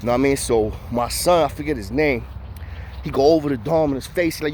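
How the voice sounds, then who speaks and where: A man's voice: mid-range voice, fairly quick, a little mellow, a little hiss or hum. A man casually telling profane stories, full of street slang and repeated "know what I mean" fillers. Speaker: storyteller. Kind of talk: casual storytelling.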